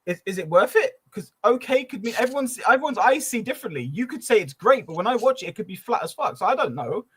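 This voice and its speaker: A man's voice: very high voice, quick pace, few pauses, husky. A man from East London with a trained, neutral English accent, chatting casually on a livestream and acting out quotes as he tells stories. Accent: neutral English, trained from Cockney. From East London, England. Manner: animated storyteller who acts out quotes and laughs often. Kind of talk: casual chat.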